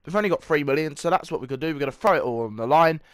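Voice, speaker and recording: Talking very fast with lively intonation and a fairly high pitch, a young man plays a football management game on video. He mocks himself and launches into pretend match commentary, all in a dry recording.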